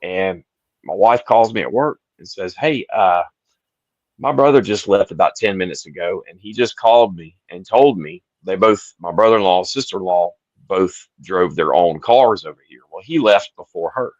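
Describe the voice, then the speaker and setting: Low-voiced host over dull lo-fi audio. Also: male voice, moderate pace, no room sound. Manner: relaxed, chatty storyteller, says "dude" and "you know". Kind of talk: casual live-stream chat.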